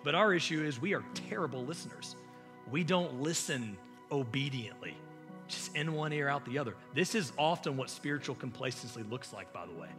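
A man preaching a sermon as pastor, impassioned, swinging from loud emphasis to hushed asides. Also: medium pitch, animated, fairly quick, music in the background.

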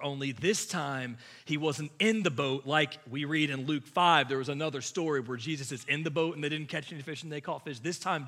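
Bright, animated man preaching a casual sermon. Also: fairly high pitch. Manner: conversational, animated preaching with many "like" fillers. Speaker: pastor.

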